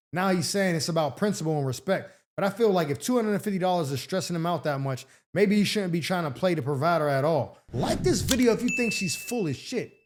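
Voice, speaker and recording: A man hosting an advice show, reading letters and answering them in a blunt, profane, sarcastic way with slang-heavy casual talk. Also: high voice. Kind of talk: advice commentary rant.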